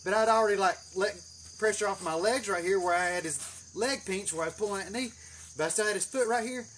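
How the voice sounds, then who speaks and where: A man with a drawl tells a rambling, profane story and throws in swear words freely. His voice sits fairly high for a man. Faint insects chirp behind him in a greenhouse. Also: fast talker, a little hiss or hum. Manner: profane, animated, swears heavily. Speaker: channel host. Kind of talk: casual storytelling.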